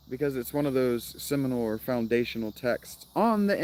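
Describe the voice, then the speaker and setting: A man's voice: mid-range voice, lively intonation, normal speed, hardly any pauses, darkish tone. Rambling, joking gaming streamer man. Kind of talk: casual gameplay commentary.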